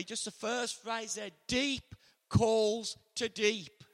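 A man preaching a sermon earnestly, moving between loud emphasis and hushed, intimate passages. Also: sits high. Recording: long hall reverb.

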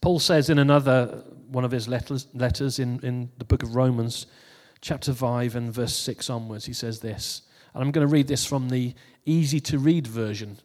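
A man's voice: medium pitch, moderate pace, few pauses. Chatty male preacher in a reverberant room. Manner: relaxed, chatty, laughs at his own jokes. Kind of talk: casual New Year sermon.

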